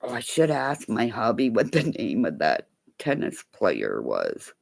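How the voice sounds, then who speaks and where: In a very deep, gravelly voice with a breathy edge and a slightly slow pace, a middle-aged woman live streams rambling, profane stories. She is animated as she chats casually and acts out quoted voices.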